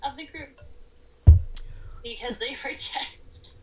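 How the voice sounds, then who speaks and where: A woman's voice: high-pitched, slow pace, sharp tone, soft background music, rough recording. A woman co-hosting a book podcast, chatting casually and animatedly, laughing often and acting out scenes. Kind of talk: casual book review chat.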